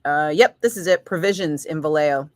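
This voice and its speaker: A middle-aged woman radio DJ chatting casually with listeners between segments, frank and quick to laugh, swearing now and then. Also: deep voice, expressive, dry recording, studio quality.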